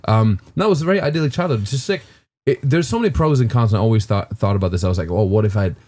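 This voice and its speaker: A young man with a German accent chats casually as a podcast guest. His voice is low and mellow, and he tells stories with playful, joking asides. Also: very fast. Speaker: guest comedian.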